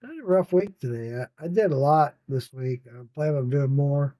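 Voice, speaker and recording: A man's voice: fairly high pitch, expressive, moderate pace, warm tone, no echo. A tired man hosting a casual late-night livestream podcast, reading viewers' comments aloud in a rambling, swearing, laughing way. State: tired, yawning. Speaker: podcast host reading live chat.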